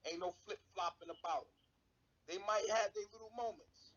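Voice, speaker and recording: A man's voice: high voice, moderate pace, lo-fi sound, a crowd in the background. A man on a live stream talking bluntly and emphatically, swearing often. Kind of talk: casual live-stream talk.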